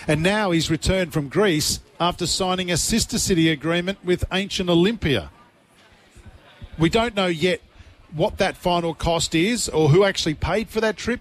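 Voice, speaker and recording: A man with an Australian accent hosting breakfast talkback radio from a studio, blunt and combative with jokey asides. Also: high voice.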